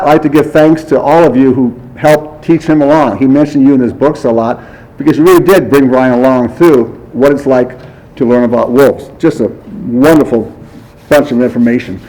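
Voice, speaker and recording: A man's voice: mid-range voice, darkish tone, rough recording. A man giving a eulogy for a friend at a memorial service, telling anecdotes in a chatty way, acting out bits of dialogue and chuckling often. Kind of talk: memorial speech, anecdotal storytelling.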